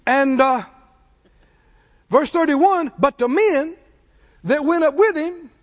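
In a church, a man with a very high voice preaches slowly, using emphatic call-and-response. The recording has a long hall reverb and a dull, lo-fi sound.

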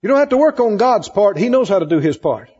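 A man's voice: sits high, sing-song, fast, darkish tone. A man preaching a sermon with emphatic, repetitive phrasing, asking the congregation questions. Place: church hall with congregation. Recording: muffled recording in a hall with long reverb.

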